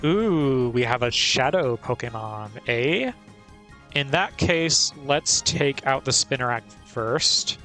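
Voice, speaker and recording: A man's voice: medium pitch, expressive, slow, pushed and bright, faint music behind. A man streaming a video game, chatting casually and playfully and laughing often. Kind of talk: casual gameplay commentary.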